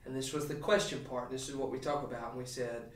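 A man, a pastor, talking through a scripture passage on a podcast in an emphatic, animated preaching way with frequent restarts. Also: medium pitch, fast talker, reverberant, far from the mic. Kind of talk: podcast sermon talk.

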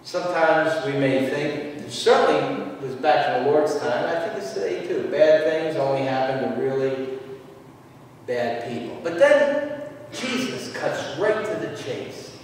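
A man preaching a sermon as pastor, emphatic and dramatic, with sudden loud outbursts. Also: on the high side, animated, unhurried, slight background noise. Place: church sanctuary. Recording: echoey church hall from far off.

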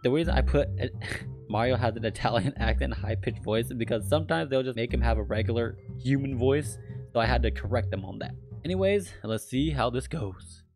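A man giving casual, excitable reaction commentary as a video host, swearing freely and laughing often. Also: mid-range voice, brisk, gravelly, music in the background.

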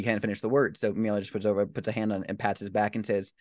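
A man, a player in a tabletop role-playing game, narrating a scene in a halting way full of fillers and restarts. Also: on the low side, little pitch movement, darkish tone, no room sound, clean studio sound.

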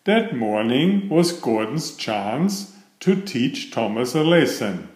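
A man narrating a children's picture book read-aloud in an unhurried storytelling manner. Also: medium pitch, big pitch swings, a little mellow. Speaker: storybook reader. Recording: echoey room.

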